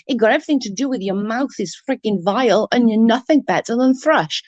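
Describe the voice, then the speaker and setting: A woman's voice: on the high side, animated, fairly quick, few pauses, darkish tone, no room sound, highs cut off. A woman, ranting bluntly and mockingly as an online commentator, full of profanity. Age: 30s. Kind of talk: ranting live-stream chat.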